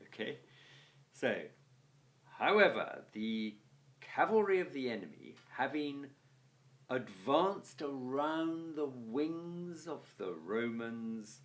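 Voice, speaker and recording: A man's voice: medium pitch, expressive, takes it slowly. A man teaching a Latin lesson, reading phrases aloud and translating them bit by bit with chatty, lightly humorous asides. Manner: chatty asides with gentle humour. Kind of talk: recorded language lesson, translating line by line.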